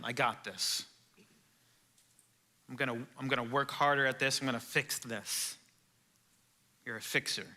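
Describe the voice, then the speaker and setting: A man preaching in a church with a very bright, tense voice that sits a little high. He takes his time, speaking slowly and deliberately as he works through earnest rhetorical questions for his congregation. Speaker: pastor. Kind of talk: sermon. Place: church sanctuary.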